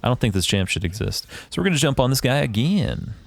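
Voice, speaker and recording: A man's voice: mid-range voice, big pitch swings, fast talker, gravelly, slight background noise. A man giving casual commentary over a replay of his own game, explaining his decisions and swearing freely. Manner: profane, ranting, self-assured; analytical, talks through his decisions. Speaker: gaming YouTuber reviewing his own match.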